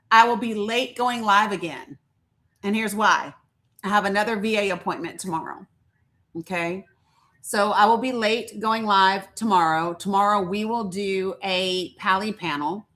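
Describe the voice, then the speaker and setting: A woman's voice: medium pitch, fairly bright tone. A woman hosting a live stream, chatting casually with her viewers and laughing often as she talks to them directly. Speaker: livestream host.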